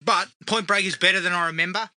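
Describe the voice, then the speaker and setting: A man's voice: sits high, fairly even intonation, quick pace, noisy background. A man co-hosting a film podcast in casual chat, blunt and emphatic, laughing easily. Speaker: podcast co-host.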